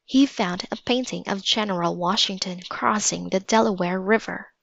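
A woman reading a children's chapter book aloud in a slow, steady manner. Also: mid-range voice, vocal fry, no room sound, lo-fi sound. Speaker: storybook reader.

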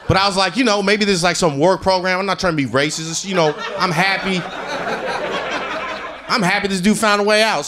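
A male stand-up comedian improvising a story on a club stage into a handheld mic, jumping between loud acted-out quotes and quiet mumbled asides. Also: high-pitched, expressive, a little fast, noisy background.

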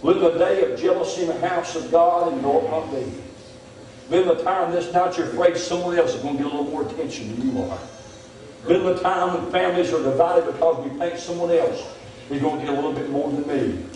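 High-voiced preacher in an echoing church. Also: male voice, brisk, a little mellow. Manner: preaching, repeats "my friend" often. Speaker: pastor. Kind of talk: revival sermon. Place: church sanctuary. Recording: very echoey church hall, mic far off. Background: congregation amens.

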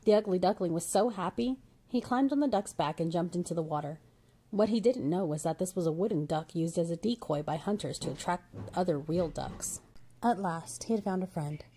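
A woman reading a children's storybook aloud in a steady, expressive way. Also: on the low side, a little fast, breathy edge.

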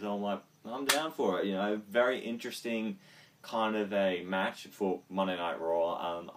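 A man with a fairly low voice gives a loose, excitable wrestling review, swearing freely and scattering ums through his talk. He sits some distance back from the microphone, so his voice sounds a little distant. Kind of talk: casual video review.

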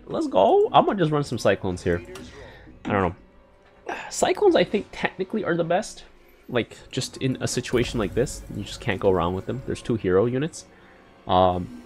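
A gaming YouTuber gives casual live commentary on his gameplay, excitable and full of slang, breaking into sudden squeals and mumbled asides. His voice is medium-pitched and creaky, with a breathy edge.

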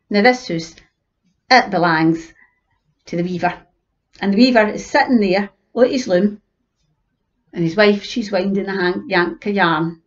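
A woman with an Ayrshire Scots accent telling a folk tale in a lively, folksy way. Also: mid-range voice, highs cut off. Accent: Scottish, Ayrshire. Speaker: storyteller. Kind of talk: animated oral storytelling.

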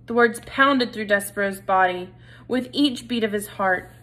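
A woman reading a children's novel aloud, gentle and expressive, speaking directly to the reader. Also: mid-range voice, moderate pace. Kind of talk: read-aloud narration.

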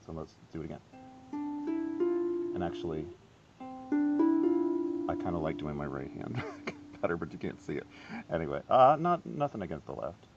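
A man giving a casual, self-deprecating harp lesson, chatty and quick to laugh at himself. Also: low-pitched, creaky, muffled recording. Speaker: harp teacher.

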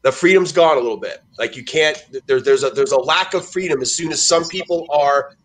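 A man's voice: fairly high pitch, a little fast. A man talking casually on a podcast, rambling and restarting often as he tells stories. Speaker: podcast guest.

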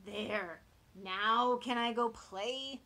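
A woman voicing a neat little boy piglet in a storybook, high and whiny. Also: extremely slow, pushed and bright, exaggerated voice.

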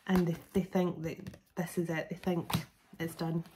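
A woman's voice: lowish voice, level tone, normal speed, very noisy. Chatty woman doing a tarot reading. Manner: chatty, rambling, many fillers and restarts. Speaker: tarot reader. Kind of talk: casual spoken tarot reading.

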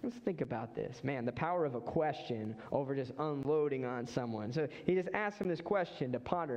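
A man preaching a sermon as pastor, lively and animated, acting out the voices of people in the story. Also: mid-range voice, brisk, hardly any pauses, long reverb tail, lo-fi sound. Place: church hall.

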